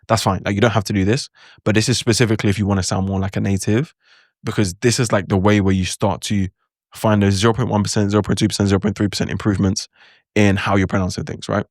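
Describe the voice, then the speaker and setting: A man's voice: lowish voice, steady tone, quick pace, vocal fry, no echo, clean studio sound. A young man giving a casual spoken lesson, chatty and reflective, full of "like" fillers and asides. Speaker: language teacher.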